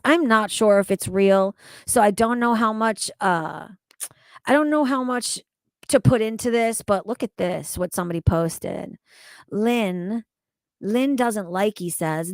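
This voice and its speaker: A woman's voice: medium pitch, no room sound. A woman streaming casually, talking to her chat, swearing freely and laughing often. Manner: loud, profane, laughing often.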